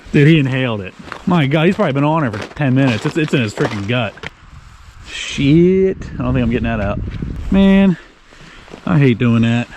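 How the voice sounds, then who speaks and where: A man vlogging while he ice fishes from a shelter, excitable and swearing casually, talking to his viewers. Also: mid-range voice, noisy background. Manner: excitable, swears, says dude a lot. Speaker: fishing vlogger. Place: ice fishing shelter on a frozen lake.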